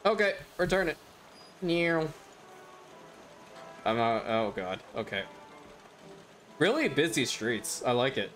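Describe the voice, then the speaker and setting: A man's voice: mid-range voice, big pitch swings, slow pace, long pauses, a bit bright, faint music behind. Rambling man chatting over gameplay. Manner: rambling, with frequent fillers and chuckles. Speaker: gaming channel host. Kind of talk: casual gameplay commentary.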